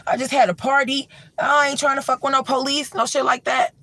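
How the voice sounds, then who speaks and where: A man's voice: very high-pitched, level tone, brisk, sharp tone, no echo, voice pushed up, exaggerated voice. A storyteller voicing a drunk man who curses and refuses to help, in a raised voice. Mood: defiant. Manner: profane, dismissive. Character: drunk, defiant man at his door.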